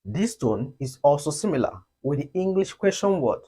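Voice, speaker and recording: A man teaching a beginner Mandarin lesson, slowly demonstrating each tone with drawn-out syllables. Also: a little high, animated, slightly rough. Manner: slow, deliberate, demonstrates tones with drawn-out sung syllables.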